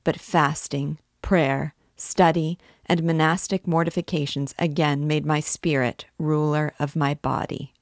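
A woman's voice: low voice, flat delivery, a little slow, hardly any pauses, dry recording, clean studio sound. A woman reading aloud voices a tormented male priest making a brooding, intense confession. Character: tormented middle-aged male priest, obsessive.

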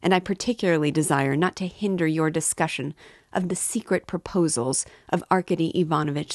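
A woman's voice: low-pitched, no echo, clean studio sound. A woman reading the part of a pompous, sarcastic middle-aged male suitor in a lofty tone. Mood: indignant.

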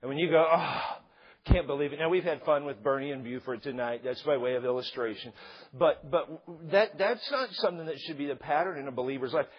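A middle-aged male pastor preaching a sermon, animated and joking, acting out quotes along the way. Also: fairly high pitch, fairly quick, husky. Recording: slightly dull lo-fi sound.

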